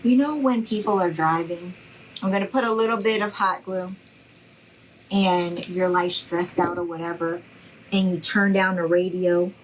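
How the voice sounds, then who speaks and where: A woman's voice: on the low side, fairly even intonation, moderate pace, slight background noise, low-quality recording. A middle-aged woman, giving a live craft tutorial in a chatty, reassuring way and greeting viewers by name. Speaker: craft instructor.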